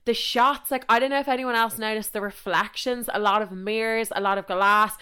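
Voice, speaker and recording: Smooth-voiced animated Irish woman. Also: fairly high pitch, a little fast. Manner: animated, chatty, swears freely, gets carried away. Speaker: podcast host. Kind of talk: casual chat.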